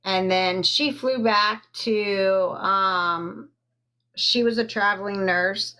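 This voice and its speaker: A woman telling a personal story on a live stream into a phone, halting with frequent pauses and fillers, stopping to thank viewers. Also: medium pitch, pushed and bright. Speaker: livestreamer telling her own story.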